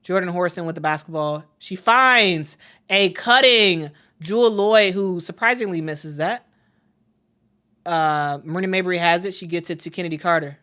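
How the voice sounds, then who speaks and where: A woman calling a live basketball game for her stream, chatty and excitable, talking straight to her viewers. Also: fairly low pitch, moderate pace. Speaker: play-by-play commentator. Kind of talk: casual live play-by-play stream.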